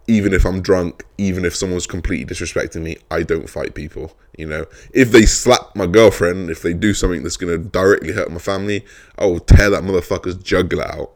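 A young man with a deep, low-pitched voice tells a story in a casual monologue. He talks bluntly and swears often, with lively, animated energy as he recounts events. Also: a little fast.

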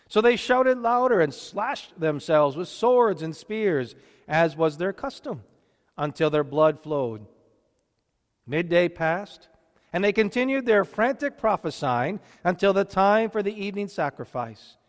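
A man with a fairly high voice reads scripture and preaches in a church at a measured, deliberate pace. His words carry a long reverb, as if spoken in a large hall. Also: animated. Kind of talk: scripture reading and sermon.

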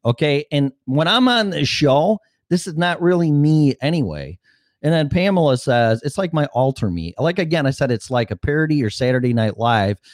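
A man's voice: a little high, no room sound, clean studio sound. A man hosting a podcast, talking bluntly and swearing often in casual chat. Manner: blunt, swears a lot, quick restarts. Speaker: podcast host.

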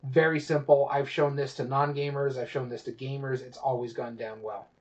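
A man's voice: mid-range voice, level tone, moderate pace. A man co-hosting a podcast, chatting casually about games and rambling with many fillers and restarts. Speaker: podcast co-host. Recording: dull lo-fi audio.

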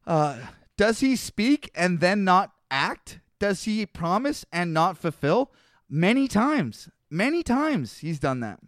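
A man's voice: high-pitched, sing-song, slow, fairly bright tone, no echo, studio quality. A man co-hosting a casual podcast, reading Bible passages aloud and bluntly arguing and mocking them. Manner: blunt, reads scripture aloud with mocking asides.

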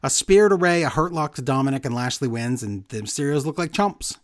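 A man's voice: medium pitch, lively intonation, brisk. A man co-hosting a casual chat, recapping events with sarcastic asides and mocking impressions. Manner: sarcastic, reads out lines in mocking voices. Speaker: podcast co-host recapping wrestling.

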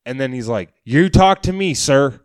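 A man's voice: mid-range voice, moderate pace, dry recording. Comic guy on a podcast telling a heckler story, swears a lot, plays out both sides, dry close sound. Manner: animated storyteller, acts out quotes, swears a lot. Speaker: podcast co-host, stand-up comic. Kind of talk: casual chat, storytelling.

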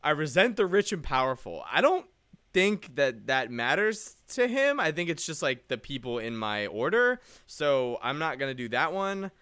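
A man in a casual chat who is animated and quick to laugh. His pitch swings widely, and his voice has a bright, clear ring. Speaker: guest player making a character.

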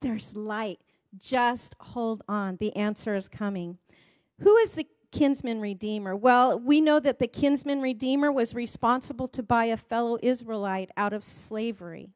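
A woman, a pastor's wife, preaching a sermon in a building, repetitive cadence that swings between loud emphasis and soft hushed passages. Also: fairly high pitch, normal speed, no echo.

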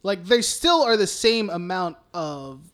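A man's voice: sits high, very animated, measured pace, a bit bright. Rambling, swearing podcast guy. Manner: rambling scene recaps, heavy swearing, many "like"s. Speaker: podcast co-host. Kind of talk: casual film podcast chat.

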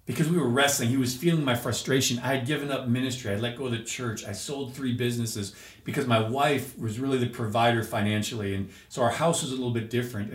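A man telling an emotional personal story as a podcast guest, earnest and searching, with restarts. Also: mid-range voice. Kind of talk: personal testimony in an interview. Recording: roomy echo.

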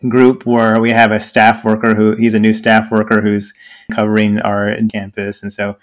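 A man telling an embarrassing story in casual podcast chat, animated and laughing often, with frequent restarts. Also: on the low side, normal speed. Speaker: podcast co-host.

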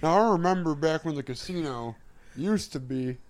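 A man voicing a rambling, crude old male president with a Southern accent, stammering through halting improv. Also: a little high, animated, a crowd in the background, natural voice. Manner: stammering, halting, drawn-out filler sounds. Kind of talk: comedic improv impression.

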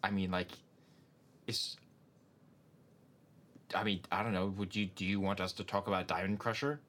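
A man with a deep, low voice speaks in character at a tabletop game. He halts and hedges, sounding unsure of what to say. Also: steady tone, fairly bright tone. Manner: uncertain, halting. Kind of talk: in-character casual play.

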